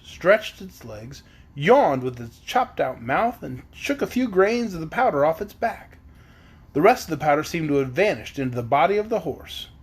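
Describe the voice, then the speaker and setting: A man's voice: high voice, slightly rough. A man reading a children's book aloud at bedtime, then chatting playfully with his kids.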